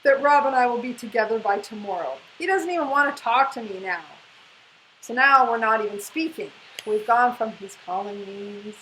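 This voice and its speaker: A woman's voice: fairly high pitch, moderate pace, a bit bright, a little hiss or hum, low-quality recording. A woman in her forties, co-hosting a casual video and reading aloud from her old journal, earnest but often breaking into laughter. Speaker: co-host sharing her spiritual journey.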